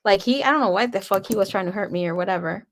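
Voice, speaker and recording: A woman's voice: medium pitch, fast, a little hiss or hum. A young woman tarot reader talks straight to her viewers in a loose, chatty way. She is candid and dramatic, and she swears often as she tells her story. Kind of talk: casual personal storytelling.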